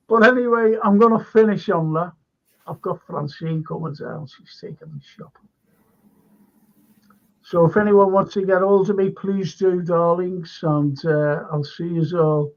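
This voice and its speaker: Reading viewer comments aloud, this livestream host chats and wanders between topics, frequently breaking into laughter. He speaks a little slowly in a high-pitched voice with fairly even intonation, over dull, low-fidelity audio.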